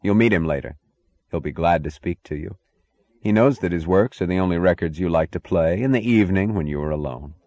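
Man doing a self-assured calm man, measured, very deep, dry sound. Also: dry recording, close to an everyday voice. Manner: calm, measured, quietly confident.

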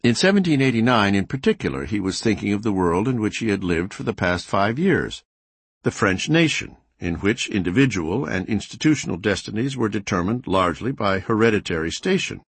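Male audiobook narrator, low husky voice, lively intonation, measured scripted delivery. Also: dry recording. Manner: measured, expressive reading with varied emphasis.

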